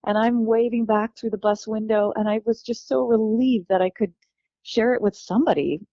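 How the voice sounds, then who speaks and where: A woman from California, a guest telling her life story in a lively, warm way, acting out the voices of the people she quotes. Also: fairly high pitch, normal speed, no room sound, dull audio.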